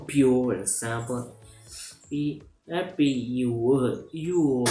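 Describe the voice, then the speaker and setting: A student presenting a class assignment, reading lecture notes aloud in a halting, hesitant way, with fillers and self-corrections. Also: mid-range voice. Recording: roomy echo with music underneath.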